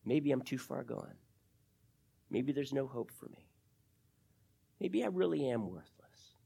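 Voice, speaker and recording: Preacher doing judas, quiet and hopeless, murmuring his doubts, drifts down to a whisper, pitch swings a lot. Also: lively intonation, unhurried, vocal fry, breathy edge, heavily acted. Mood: despairing. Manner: hushed, sinking into a whisper. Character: despairing male Judas doubting himself. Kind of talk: sermon storytelling.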